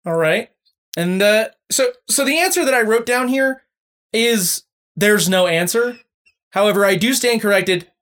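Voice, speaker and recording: A woman hosts a casual podcast and runs a quiz for her guests. Her pitch moves a lot from line to line, and she talks with plenty of uh and um. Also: a little slow. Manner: quizzing guests, frequent fillers, lively pitch. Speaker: podcast host running a quiz.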